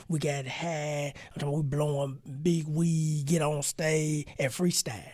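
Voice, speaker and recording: A man hosting a podcast interview, telling a story in an animated, slangy way. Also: on the high side, moderate pace, hardly any pauses, slightly rough, dry recording, studio quality. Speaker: podcast host. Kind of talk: casual interview chat.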